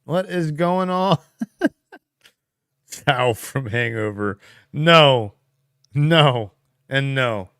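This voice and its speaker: A man's voice: mid-range voice, very slow, pauses often, clean tone, no room sound, clean studio sound. A man co-hosting a casual livestream, chatting and thinking aloud while he answers viewers' comments. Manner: relaxed, musing aloud with fillers and laughs. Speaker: livestream co-host.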